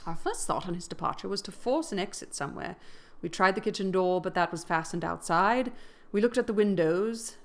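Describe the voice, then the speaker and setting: A woman reading a classic novel aloud in a measured narrating voice that grows louder at dramatic moments. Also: fairly low pitch. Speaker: reader.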